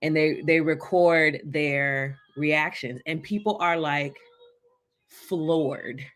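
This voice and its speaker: Woman co-host rambling along, low-ish voice, lots of likes and you-knows. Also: a bit bright. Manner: rambling, lots of fillers, quick bursts. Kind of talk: casual chat.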